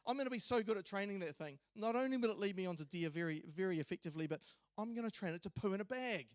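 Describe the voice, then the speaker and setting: A man voicing his late friend as an eager, boastful adult hunter, rushing through excited plans. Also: sits high, dry recording, studio quality. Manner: excited, rushed bragging.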